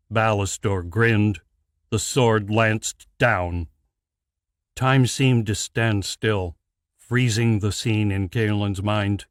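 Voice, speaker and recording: A man narrating a fantasy audiobook in a measured, deliberate scripted read. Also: fairly low pitch, no room sound, studio quality.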